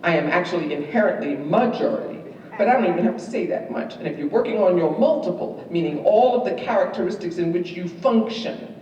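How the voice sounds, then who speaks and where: A middle-aged woman, giving a university lecture to students in a lively, wry way and teasing them with questions. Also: lowish voice, fairly quick, lo-fi sound. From New York. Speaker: guest speaker. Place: large lecture hall. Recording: echoey hall from far off, faint room noise.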